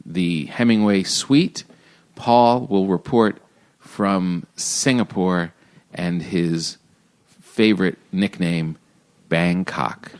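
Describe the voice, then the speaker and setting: A man from New Jersey with a New Jersey accent, hosting a podcast in casual, joking chat and laughing often. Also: low voice. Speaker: podcast host.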